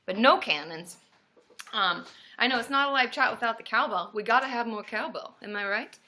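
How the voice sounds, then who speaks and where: Woman chatting on a webcam live stream at home, bright high voice, bubbly, yells woo and yay a lot. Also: normal speed. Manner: bubbly, greets viewers by name, bursts into loud cheers. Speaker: therapist hosting a live stream. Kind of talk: casual live-stream chat. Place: room at home.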